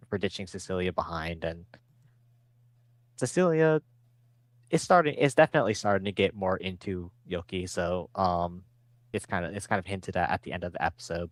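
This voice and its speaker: A low-voiced man co-hosts a podcast, recapping an episode in casual conversation with no room sound audible. He rambles, leans heavily on fillers, and acts out quotes.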